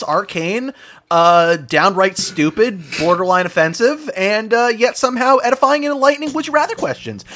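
A man's voice: high voice, a bit bright. A man hosting a casual podcast, talking in long, rambling, sarcastic sentences. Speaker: podcast host.

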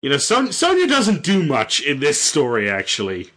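A man's voice: fairly high pitch, huge pitch swings, moderate pace, fairly bright tone. A man casually retelling a video game story, rambling and jokey with lots of fillers. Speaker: storyteller host.

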